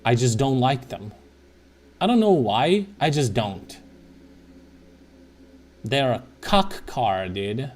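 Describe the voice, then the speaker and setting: Man, slow unhurried talk, casual streamer commentary, profane slang, loud exclamations. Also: mid-range voice, animated. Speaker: streamer browsing car listings.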